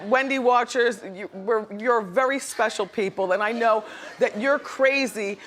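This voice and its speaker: A woman's voice: fairly high pitch, a little slow, a bit bright, slight background noise. A woman hosting a talk show, chatting playfully and laughing often with her studio audience.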